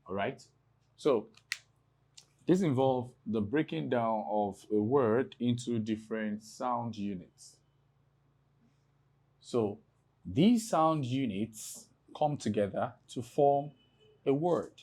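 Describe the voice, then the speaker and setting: This Nigerian English tutor has a dark, mid-range voice. He leads an exam prep lesson slowly, spelling words out letter by letter.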